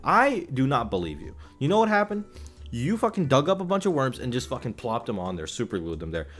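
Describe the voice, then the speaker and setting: A young man giving casual, joking reaction commentary as a YouTuber, animated and full of swearing. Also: medium pitch, brisk, soft background music.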